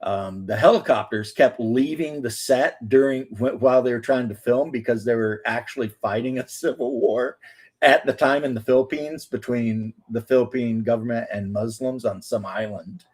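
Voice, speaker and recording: A man with a husky, slightly rough voice, talking casually as host of a chat show. He rambles through long anecdotes, acting out lines of dialogue and cursing offhandedly. His pitch sits in an ordinary middle range. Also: normal speed, a little mellow. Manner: rambling storyteller, acts out quotes, swears, laughs.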